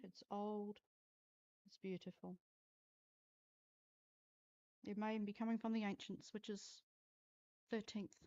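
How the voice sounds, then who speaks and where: A woman's voice: mid-range voice, mellow, dull audio. Blunt, swearing woman giving live readings. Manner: blunt, swears freely, talks straight to viewers. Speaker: intuitive reader. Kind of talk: live-streamed psychic reading.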